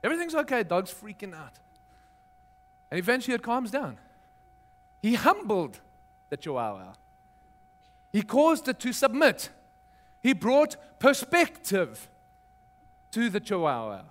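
A man's voice: high-pitched, wildly swooping pitch, slow pace, pauses often, a bit bright. A middle-aged man, a pastor, preaching a sermon in a conversational, storytelling way with touches of humor.

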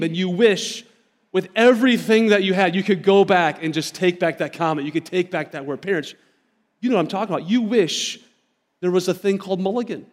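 A man's voice: high-pitched, moderate pace, in a large hall. A man in his thirties, a pastor giving a sermon, telling stories in a conversational way and speaking directly to the congregation. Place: church sanctuary.

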